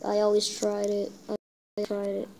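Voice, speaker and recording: A woman giving casual gameplay commentary, excitable and self-deprecating, talking straight to her viewers. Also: mid-range voice, normal speed, gravelly, low-quality recording. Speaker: gameplay channel host.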